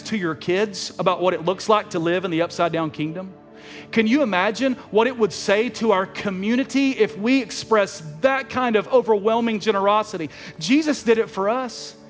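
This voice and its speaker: A man's voice: sits high, big-room sound. A male pastor telling a story in a sermon, earnest and emotional, often repeating his words. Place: church sanctuary.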